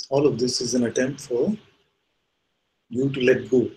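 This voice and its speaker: A man giving a satsang talk as a spiritual teacher, slow and reflective, often checking in with listeners. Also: medium pitch, animated, husky, low-quality recording. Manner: slow, reflective, gently questioning.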